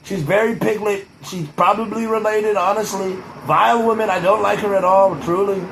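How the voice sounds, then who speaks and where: A man impersonating an older male politician who is boastful and blustery, piling up repeated superlatives with drawn-out emphasis. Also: sits high, fairly even intonation, gravelly, fairly bright tone, a little hiss or hum, poor audio. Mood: scornful.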